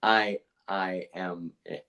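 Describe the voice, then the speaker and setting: Man, low voice, casual podcast chat, blunt, swears a lot, stumbles and restarts. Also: fairly even intonation, slow pace, sharp tone, highs cut off. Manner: blunt, profane, emphatic with many restarts. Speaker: podcast co-host, artist.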